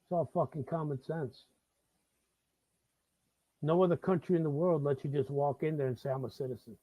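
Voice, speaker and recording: A man's voice: on the high side, normal speed, warm tone, no echo. A middle-aged man from the Bronx with a New York accent, hosting a live talk-show monologue, swearing freely and repeating himself in heated bursts. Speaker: host.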